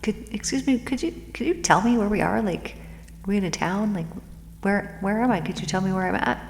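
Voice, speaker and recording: A woman's voice: medium pitch, fairly quick, a little hiss or hum, lightly acted. Woman doing a puzzled polite traveler. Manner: hesitant, politely questioning. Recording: echoey room with long reverb.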